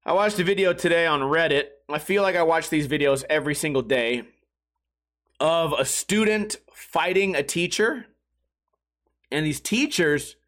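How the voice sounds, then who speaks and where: A young adult man ranting casually and profanely, acting out other people's voices. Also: high-pitched. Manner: profane, animated, acts out yelling voices.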